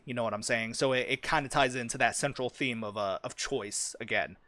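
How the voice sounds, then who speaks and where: A young man talks loosely about his own fantasy world, peppering it with curse words, ums and likes. His voice sits at an ordinary middle pitch. The sound is dry and close, with no room around it. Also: fairly quick, sharp tone, dry recording. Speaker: streamer and fantasy writer. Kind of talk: casual chat about a fantasy story.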